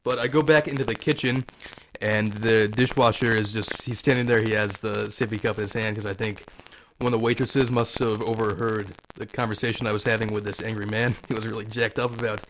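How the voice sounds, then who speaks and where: A young man hosts a podcast from a home desk mic in an office with a humming noise, telling a story in a casual, rambling way while swearing and laughing at himself. His lowish, slightly bright voice keeps a steady tone at a fairly quick clip, with faint static hiss on the recording.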